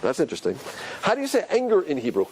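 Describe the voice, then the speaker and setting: Animated man teaching Hebrew letters. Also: a little high, racing, slight background noise. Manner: questioning, rhetorical, animated. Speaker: Torah teacher.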